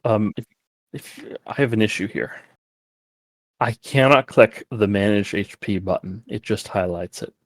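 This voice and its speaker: A man's voice: lowish voice, measured pace, dry recording. Male player, jokey and profane, dry close sound. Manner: joking, profane outbursts. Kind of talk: casual chat at a tabletop game.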